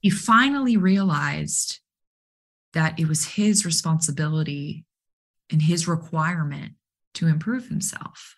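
A woman coach telling a story in conversation, animated and full of fillers, acting out the dialogue she quotes. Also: low voice, a little slow. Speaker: guest, mental performance coach for baseball players.

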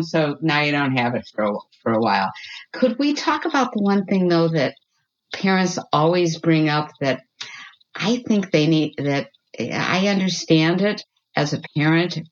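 A woman with a notably low voice talks through parenting advice as a podcast guest. She sounds earnest and reassuring, often checking in with "okay?" The recording is slightly dull and lo-fi. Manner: earnest, reassuring, tags points with "okay?" and "you know what?". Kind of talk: advice-giving podcast conversation.

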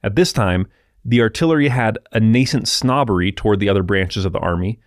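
A man hosting a history podcast, narrating in a relaxed, explanatory way with asides to the listener. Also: lowish voice, a little fast, dry recording, clean studio sound.

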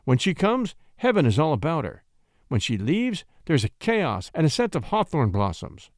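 A man's voice: fairly high pitch, huge pitch swings, normal speed, no room sound, clean studio sound. A man voicing an earnest young shepherd poet who speaks from the heart. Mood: rapturous.

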